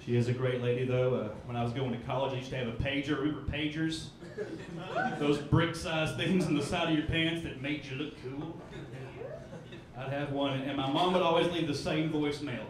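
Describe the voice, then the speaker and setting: A young man from East Tennessee performing a self-mocking, crude stand-up set on a club stage, tossing quick asides to the crowd. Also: fairly high pitch, level tone. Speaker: stand-up comedian. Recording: echoey club, from far off, noisy.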